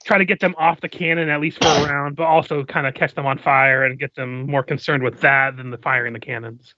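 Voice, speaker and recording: A man's voice: medium pitch, fairly even intonation, a little fast, bright, forceful tone, no echo. A man playing a tabletop game, laid-back and swearing freely. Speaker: player. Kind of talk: casual tabletop play. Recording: dull, dry mic sound.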